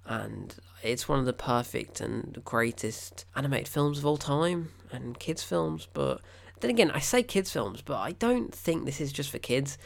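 A man's voice: medium pitch, animated, unhurried, creaky. A man, gushing and rambling in a casual film review. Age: 20s.

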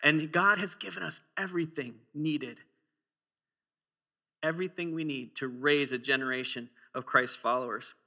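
A male preacher in his forties delivers a sermon in a church with a sharp, very bright voice pitched a little high. He talks in a relaxed, humorous way, telling stories and throwing questions out to the congregation. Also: moderate pace.

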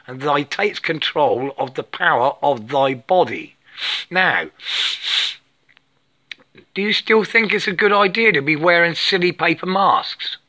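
Slow, bright-voiced man preaching. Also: on the high side, animated. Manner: emphatic, repetitive, asks 'yeah?' constantly, chants mantras. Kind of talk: rambling spiritual monologue. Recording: dull lo-fi recording.

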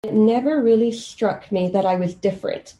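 A woman in her thirties from Kenya, a guest telling childhood stories in a relaxed, reflective way with easy laughter. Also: medium pitch, moderate pace. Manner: reflective, easygoing, often laughing. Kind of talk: casual storytelling interview.

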